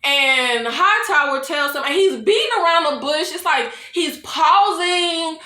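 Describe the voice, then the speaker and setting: A young woman, recapping a TV episode in a sassy, expressive way and laughing often. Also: high-pitched, unhurried. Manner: expressive, sassy, laughs often, calls viewers "y'all" and "baby". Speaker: TV recap reviewer. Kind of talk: casual, animated episode recap. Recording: echoey room.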